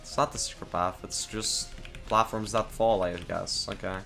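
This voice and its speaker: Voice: deep voice, normal speed, creaky, faint music behind. A streamer chatting casually and playfully while playing a game. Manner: playful, excitable, jokey. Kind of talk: casual chat while gaming.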